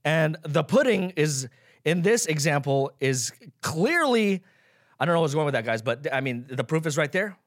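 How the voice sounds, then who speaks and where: A young man hosting a solo podcast, ranting sarcastically with plenty of swearing, swinging from loud mock outrage to mumbled asides. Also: a little high, fairly quick, no room sound, studio quality. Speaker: podcast host. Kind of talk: casual solo podcast rant.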